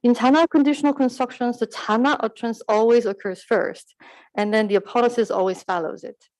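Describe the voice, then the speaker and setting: A woman's voice: fairly high pitch, fairly even intonation, quick pace, a little mellow, no echo, rough recording. A woman presenting her research at an academic conference, explaining carefully and correcting herself with fillers and restarts.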